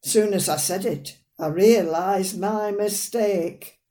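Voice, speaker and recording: A woman takes on the role of a fussy, proud old northern mother with a sharp tongue and dry, plain speech in a dramatic monologue. Her mid-range voice moves at a slow pace, the acting kept light and the mood wry.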